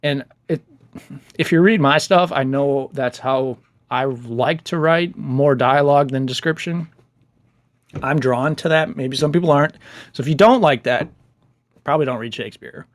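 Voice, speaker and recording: A man's voice: mid-range voice, no room sound, clean studio sound. A man casually reviewing a book he loved, enthusiastic and chatty, laughing easily.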